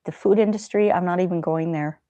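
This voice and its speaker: Gentle chatty woman, low and dry. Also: steady tone, fairly quick, no room sound, lo-fi sound. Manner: gentle, chatty, laughs often, soft asides. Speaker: live stream host reading chat. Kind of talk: casual live stream chat.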